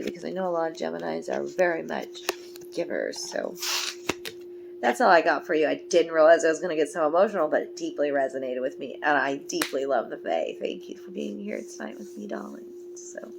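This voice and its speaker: A woman gives a tearful, rambling card reading, speaking with warm affection to her viewers. Her voice sits low and has a gravelly fry to it. A steady hum and noise run under the home recording. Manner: emotional, affectionate, rambling and spiritual. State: teary. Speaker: tarot card reader.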